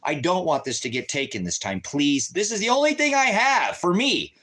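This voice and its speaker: A man's high, sharp voice is very animated at normal speed as he vents an angry personal story. He rants casually and profanely, sounding agitated, cursing, and acting out arguments with other people in their quoted voices.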